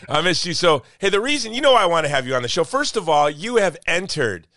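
A man's voice: on the high side, very animated, fast, pushed and bright, no room sound, clean studio sound. A man hosting a podcast in casual chat, speaking with passion and repeating points for emphasis. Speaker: podcast host.

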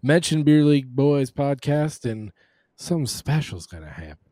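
Male podcast co-host, easygoing, mid pitch, dry close sound. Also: very animated, moderate pace, warm tone, dry recording. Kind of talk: casual chat.

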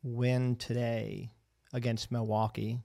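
Gravelly-voiced man in easy chat. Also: medium pitch, flat delivery, takes it slowly, warm tone. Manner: easygoing, laughs between thoughts. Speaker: podcast guest. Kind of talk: casual podcast chat.

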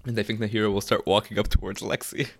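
A man's voice: lowish voice, level tone, fast talker, gravelly, no room sound. Man playing a tabletop game, dry sound. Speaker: player. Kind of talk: casual tabletop play.

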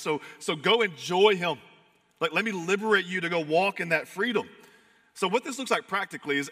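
Bright-voiced preacher man in a hall. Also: on the high side. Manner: earnest, emphatic, shifts between fired-up and hushed. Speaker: pastor. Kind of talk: sermon.

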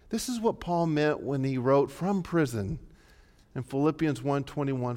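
A male pastor preaching a sermon, swinging from hushed, low passages to loud, rising exhortations. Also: a little slow.

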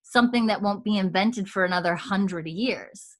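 A woman's voice: medium pitch, moderate pace. A woman co-hosting a podcast, casually retelling scenes and quoting the characters' lines. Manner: retells scenes with quoted lines, chatty and giggly. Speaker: podcast co-host. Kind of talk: casual recap chat.

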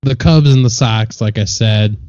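A man's voice: on the low side, a little slow, darkish tone, no room sound. A man with a mid-range voice co-hosting a casual sports chat. He vents bluntly and swears when exasperated. The audio is dry and somewhat dull. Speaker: podcast co-host.

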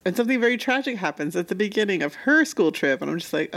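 A woman co-hosting a casual podcast chat about manga, animated, laughing often and acting out quotes. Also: mid-range voice, quick pace. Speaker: podcast co-host.

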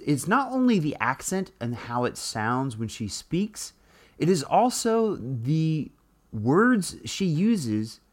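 A man talking casually through an explainer monologue, with frequent restarts and fillers. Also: medium pitch.

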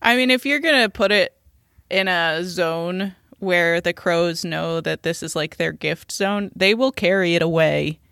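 A woman's voice: fairly low pitch, measured pace, creaky, a bit bright, no room sound, clean studio sound. A woman co-hosting a podcast in casual chat, playful and laughing often. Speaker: podcast co-host.

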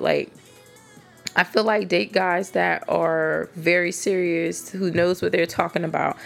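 A woman giving blunt dating advice straight to women listeners in a casual, animated rant, swearing freely. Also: mid-range voice, moderate pace, creaky.

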